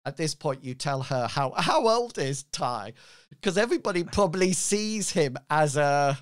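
A man narrating as game master in an unhurried, rambling style with lots of "sort of, like" fillers. His voice sits a bit higher than most men's and sounds smooth and clear. He is recorded dry and close. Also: lively intonation, no echo.

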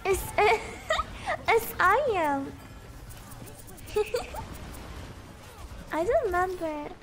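A young woman streaming a game, chatting casually, sleepy, chatty and loudly reacting to the play. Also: very high voice, sing-song, very slow, a little hiss or hum. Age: young adult. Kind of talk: casual gameplay chat.

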